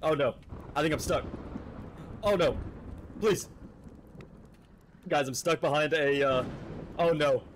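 A man's voice: on the high side, takes it slowly, long pauses. A young man streaming a horror game with friends, joking and laughing often, panicking when stuck. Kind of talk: casual gaming chat. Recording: faint background noise.

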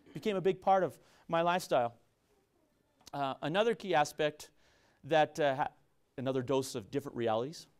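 A man's voice: on the high side, darkish tone, clear, resonant tone. A middle-aged man with a San Luis Valley Colorado accent, giving an earnest public lecture to students, often repeating himself and restarting phrases. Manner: earnest, repetitive, frequent restarts. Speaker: university business professor.

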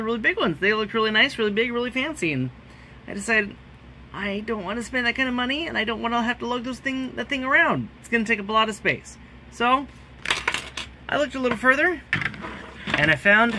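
A man's voice: sits high, noisy background. A man hosting a casual gear review vlog, talking in a jokey, rambling way with self-mocking asides. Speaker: channel host.

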